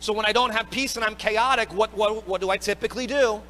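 A man's voice: sits high, fast talker, bright, forceful tone, a little hiss or hum, rough recording. A man preaching a sermon as pastor, emphatic and repeating his words as he drives home each point.

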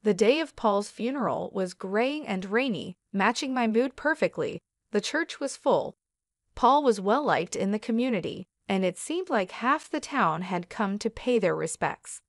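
A woman narrating a dramatic first-person story in an even, measured way. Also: mid-range voice, dry recording, studio quality.

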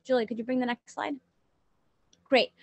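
Woman, presenter, eager, some fillers, fairly high voice, dry close sound. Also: steady tone, normal speed, gravelly, no room sound. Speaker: team member presenting. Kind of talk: virtual conference talk. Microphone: video call.

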